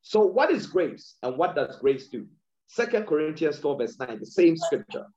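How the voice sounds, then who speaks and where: A man's voice: fairly high pitch, very animated, normal speed, a little mellow. A man preaching a sermon, repeating key phrases and drawing words out for emphasis. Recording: dull lo-fi sound.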